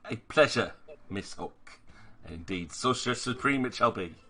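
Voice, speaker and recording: A man's voice: medium pitch, expressive, a little slow, sharp tone, slightly rough, exaggerated voice. A man voicing a small, flamboyant male halfling bard with a grandiose, pompous way of speaking. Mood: courtly. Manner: grandiose, pompous self-introduction.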